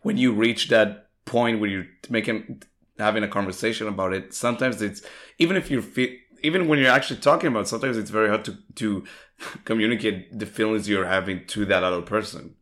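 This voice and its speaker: A laid-back man chatting on a podcast, swearing casually. His voice is on the low side and is still recovering from being lost. The talk is relaxed and loose. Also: a little fast. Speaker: podcast co-host. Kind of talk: casual chat.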